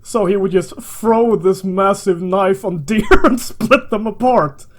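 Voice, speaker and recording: A man's voice: high-pitched, unhurried. A young man, a guest in a casual chat, rambling through a tabletop game story with chuckles and swearing.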